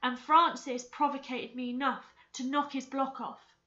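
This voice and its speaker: Defiant, blunt young girl from a storybook, voiced by a woman, bright and high, muffled recording. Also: fairly even intonation, measured pace. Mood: indignant. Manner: indignant, blunt, drawling.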